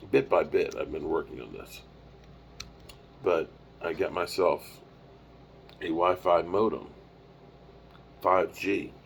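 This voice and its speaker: Tired deep-voiced man in his fifties. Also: a little hiss or hum. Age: 50s. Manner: rambling, tired, heartfelt. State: tired, yawning. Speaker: live streamer. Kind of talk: casual live-stream talk. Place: on the road, mobile setup. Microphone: microphone with small mixer.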